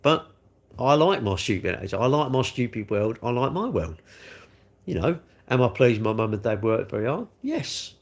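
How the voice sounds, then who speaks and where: A man's voice: medium pitch, big pitch swings, moderate pace. A middle-aged man, chatting loosely on a livestream and talking straight to his viewers. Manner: rambling, talks straight to viewers. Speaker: livestream host. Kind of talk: casual chat.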